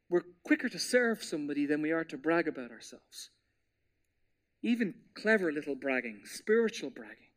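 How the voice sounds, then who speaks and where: A man preaching a sermon as pastor, animated and storytelling, acting out quotes with playful voices. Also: on the high side.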